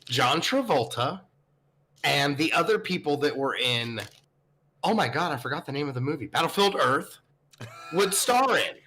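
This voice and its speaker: A man's voice: a little high, sing-song, moderate pace, pushed and bright. A man co-hosting a podcast, chatting casually in a rambling, profane way with frequent laughs. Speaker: podcast co-host. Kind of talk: casual chat.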